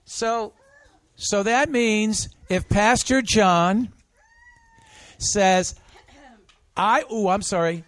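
A man preaching an interactive sermon, coaxing the congregation into call-and-response with slow, emphatic phrases. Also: sits high, a bit bright, dry recording. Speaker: pastor.

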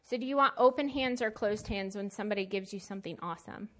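A woman's voice: mid-range voice, fast. A woman teaching a Bible lesson in a casual sermon style, conversational and emphatic with plain slangy asides.

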